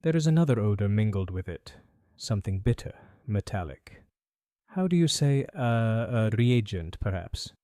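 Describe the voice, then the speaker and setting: A man voicing a smooth, calculating French perfumer in an audiobook, with a French accent and a polite, evasive manner. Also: lowish voice, big pitch swings, moderate pace, warm tone, no room sound, studio quality. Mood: curious. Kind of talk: audiobook character voice.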